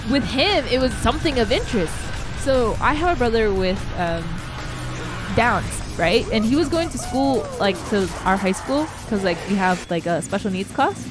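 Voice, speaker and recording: A young woman tells a story in a casual chat, her fairly high voice swinging widely as she animates each beat and swears freely. Music from a show plays clearly behind her. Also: lively intonation, moderate pace. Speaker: co-host.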